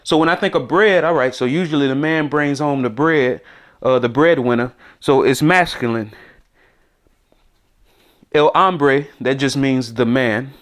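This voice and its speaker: A man's voice: medium pitch, a little slow, fairly bright tone. A man teaching beginner Spanish words on a podcast, thinking aloud and repeating words for listeners to echo. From United States. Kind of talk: casual spoken lesson.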